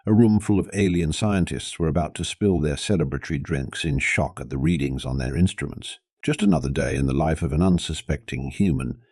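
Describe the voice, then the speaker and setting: A man narrating a scripted science fiction story in a steady, measured reading. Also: extremely low pitch, creaky, no room sound, clean studio sound.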